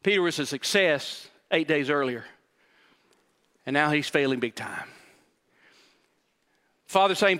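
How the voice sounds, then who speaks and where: A male pastor preaches emphatically, repeating key lines and asking rhetorical questions. His voice sits high and bright. It is caught with the long reverb of a large church hall. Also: expressive, unhurried, pauses often. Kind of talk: sermon.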